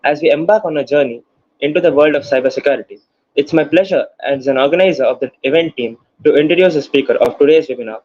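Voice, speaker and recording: A man's voice: fairly high pitch, quick pace, a little mellow. A man organizing the event, reading a formal, flowery speaker introduction over a video call. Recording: muffled video call with faint noise.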